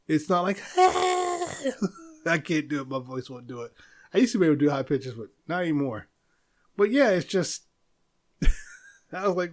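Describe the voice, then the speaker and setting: Solo podcast host, man, slightly higher voice, loose rambling delivery with frequent chuckles. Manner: rambling, chuckles often, loose and self-interrupting. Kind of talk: casual solo podcast talk.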